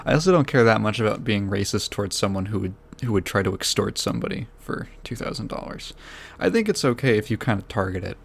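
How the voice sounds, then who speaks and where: A man's voice: lowish voice, creaky, slightly rough. A man hosting a podcast, telling a story in a rambling, self-deprecating way, laughing often and swearing. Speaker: podcast host. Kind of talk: casual storytelling.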